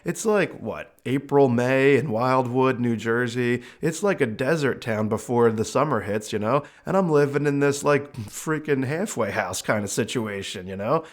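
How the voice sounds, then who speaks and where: Guy rambling through his own story, lots of "you know" and "like", mid-pitched voice. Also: moderate pace, few pauses. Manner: animated, chatty, many fillers. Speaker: podcast host. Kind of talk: casual personal storytelling.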